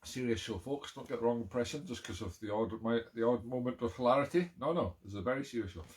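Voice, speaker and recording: A man's voice: medium pitch, animated, quick pace. A middle-aged man with a Scottish, Edinburgh accent, hosting a music live stream from home and chatting in a rambling, self-amused way with many fillers. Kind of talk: casual live-stream chat between tunes. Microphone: home live-stream setup.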